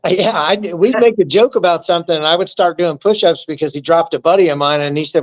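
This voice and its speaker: A man's voice: high voice, fast talker, lo-fi sound. A man in his fifties, an army veteran, telling stories in a casual, joking interview. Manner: joking, easygoing storyteller who acts out quotes.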